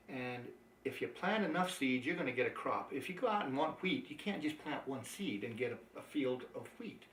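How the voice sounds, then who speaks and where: Guy coaching sales folks, pumped and emphatic, bit high voice, echoey room. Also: a little hiss or hum. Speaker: network marketing trainer. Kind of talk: motivational training talk. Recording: echoey room, mic at a distance.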